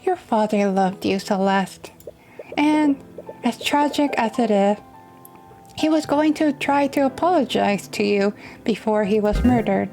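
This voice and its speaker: A woman reading a calm, earnest attorney. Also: mid-range voice, measured pace, music in the background, natural voice.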